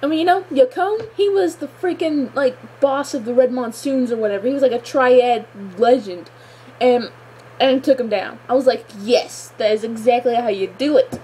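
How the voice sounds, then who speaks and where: A woman's voice: high voice, moderate pace, dark tone, a little hiss or hum, low-quality recording. A woman reviewing a show episode in a gushing, exclamatory chat full of filler words. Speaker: fan reviewer.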